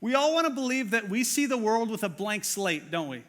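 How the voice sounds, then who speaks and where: A man's voice: high voice, big pitch swings, brisk, fairly bright tone, in a large hall. A man preaching a sermon as pastor, earnest and conversational, with many fillers and questions to the congregation. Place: church auditorium.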